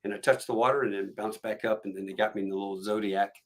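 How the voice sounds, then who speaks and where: A middle-aged man hosting a podcast, telling stories in a casual, animated way and acting out the voices of the people in them. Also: fairly low pitch, fast talker. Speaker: podcast host. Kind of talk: casual storytelling chat.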